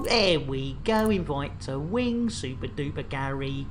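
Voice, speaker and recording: Slow, bawdy woman streamer. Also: deep voice, sing-song, slight background noise. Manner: bawdy, jokey banter. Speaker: game streamer host. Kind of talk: casual game-stream chat.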